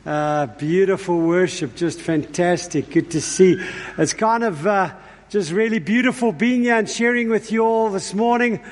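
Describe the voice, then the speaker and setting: Joking guest preacher with a mixed accent. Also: male voice, sits high, normal speed. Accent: mixed South African and Australian. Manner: relaxed, joking, with frequent fillers and restarts. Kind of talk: sermon with casual asides. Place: church sanctuary. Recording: long reverb of a church hall.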